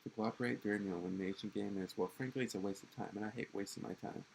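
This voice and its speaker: Man voicing an arrogant young heir, condescending, low voice, gravelly edge, faint hiss behind. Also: steady tone, very fast, rough recording. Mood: cold, haughty. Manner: haughty, dismissive. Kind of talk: reading game dialogue aloud.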